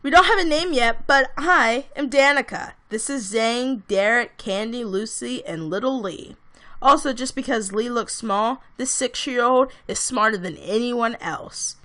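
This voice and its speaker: Give me a woman playing a brash teenage princess, bright and commanding. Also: fairly high pitch, measured pace, pitched above the performer's own voice. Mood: cocky.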